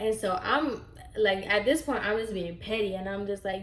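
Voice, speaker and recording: A young woman vlogger telling a casual storytime, with an animated, sassy way of retelling and lots of fillers. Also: medium pitch, normal speed. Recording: echoey room.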